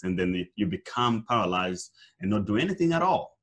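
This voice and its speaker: A man's voice: on the low side, fairly quick, a bit bright. A man in his twenties from Africa, a podcast guest speaking bluntly and emphatically in a casual interview. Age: 20s.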